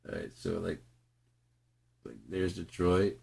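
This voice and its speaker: A man's voice: very deep voice, fairly even intonation, unhurried, creaky, husky. A man rambling casually through a profane monologue, often laughing. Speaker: vlogger.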